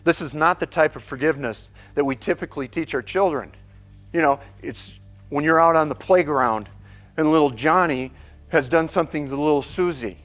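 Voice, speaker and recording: A man's voice: on the high side, moderate pace, fairly bright tone, soft background music. A man presenting a marriage course in an earnest way, teaching with everyday anecdotes and acting out little scenes. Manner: earnest, storytelling, acts out scenes.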